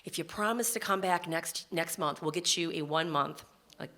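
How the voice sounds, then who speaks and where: A brisk female nurse who brushes off a patient's distress, flat and matter-of-fact, as a woman storyteller acts her out. Her bright tone drops lower and quieter for the quote. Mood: dismissive.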